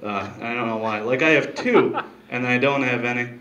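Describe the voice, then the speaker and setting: A man performing stand-up in a small club, his voice sitting at an ordinary middle pitch. He rambles through his bits with deadpan asides, close on a handheld mic, and the room around him rings with echo. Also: normal speed. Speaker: stand-up comedian. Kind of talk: stand-up comedy set.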